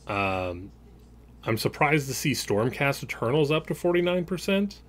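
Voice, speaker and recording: A man's voice: medium pitch, big pitch swings, moderate pace, fairly bright tone. A man hosting a podcast in casual chat, rambling through his points and laughing often. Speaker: podcast host.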